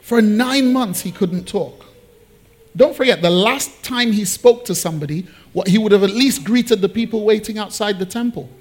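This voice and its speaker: A man with a high voice preaches a sermon to his congregation. He keeps it lively and conversational, dropping into playful voices as he acts out biblical characters. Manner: animated, acts out biblical figures in quick asides. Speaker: pastor.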